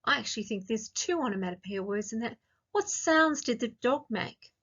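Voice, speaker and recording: A woman teacher with an Australian accent, giving a recorded grammar lesson to young children and asking slow, clear, sing-song questions. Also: fairly high pitch, expressive, a bit bright, highs cut off. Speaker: primary school teacher.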